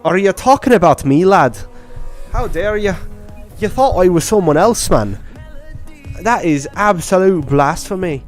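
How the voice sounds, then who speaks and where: Indignant, theatrical mixed-accent guy, raised and loud, a man puts him on. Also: sits high, lively intonation, measured pace, faint music behind, pitched above the performer's own voice. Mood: mock outrage. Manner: mock-offended, theatrical.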